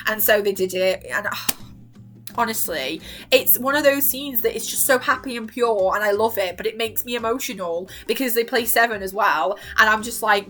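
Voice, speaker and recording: A young woman rambling excitedly as a vlogger, gushing and emotional, dropping into a soft voice to quote characters and breaking into squeals. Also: mid-range voice, brisk, faint music behind. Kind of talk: excited fan rambling about a TV series.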